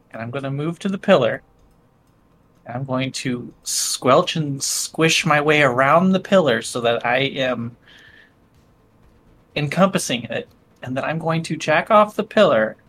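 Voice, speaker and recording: A player in a tabletop game, talking in an animated, stammering, jokey way. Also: mid-range voice, a little hiss or hum. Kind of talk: playing a character in a tabletop game.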